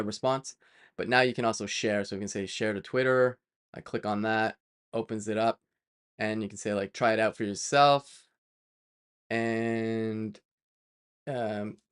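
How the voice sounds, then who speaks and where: A man's voice: on the low side, clean tone. Chatty, rambling man live-coding on stream. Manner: chatty, rambling, many fillers and self-corrections; playful, prone to side tangents. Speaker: developer live-streaming his work.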